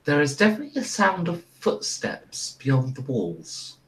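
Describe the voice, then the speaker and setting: A man narrating a tabletop role-playing game as game master, in a relaxed, hesitant way. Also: fairly high pitch, moderate pace, rough recording.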